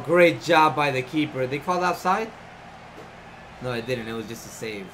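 A man giving live commentary on his own video game play, excitable and often frustrated, tossing in "man" and "yo" a lot. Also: mid-range voice, moderate pace, slight background noise. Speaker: gaming YouTuber.

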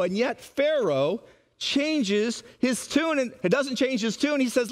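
Pastor, male, high voice, animated sermon delivery that acts out quotes. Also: slow.

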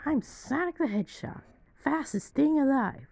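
A woman voicing a cocky teenage male hedgehog hero in a strained, much higher voice than her own. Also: expressive, moderate pace, vocal fry, a little mellow. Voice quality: strained high voice.

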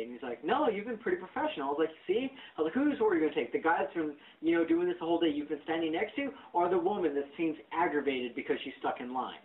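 A man tells a profane work story on a casual podcast, jumping between voices as he quotes people. His pitch swings widely, and the audio is tinny and narrow like a phone line. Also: far from the mic. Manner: animated, profane, acts out quotes. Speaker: podcast host.

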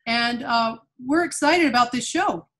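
A woman's voice: a little high, unhurried, a bit bright. A woman co-hosting a casual talk show, cheerful and playful, laughing easily. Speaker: co-host.

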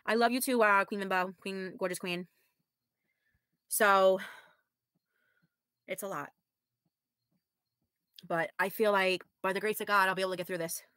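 A livestreamer in her thirties reads out viewer comments in casual chat, sounding tired and weary, speaking frankly and bluntly with sighs and mild swearing. Her mid-range voice is fairly even in intonation, a little slow with long pauses, pushed and bright. The tone is clean, with no echo and studio quality.

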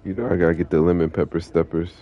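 A man's voice: sits low, flat delivery, very fast, lo-fi sound. A young man streaming an online game, chatting with viewers in a laid-back, slangy, profane way. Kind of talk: casual live-stream chat.

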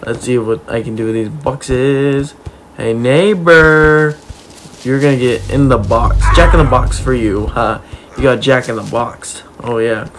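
A man giving playful, excitable commentary as he plays a video game, talking to the characters and cheering his own moves. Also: mid-range voice, normal speed, slight background noise. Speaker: gaming YouTuber.

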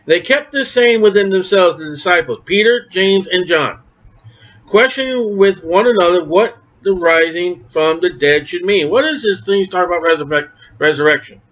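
A man teaching a verse-by-verse Bible study sermon in an animated, conversational way, acting out the voices of the people he quotes. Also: sits high. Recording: dull lo-fi recording.

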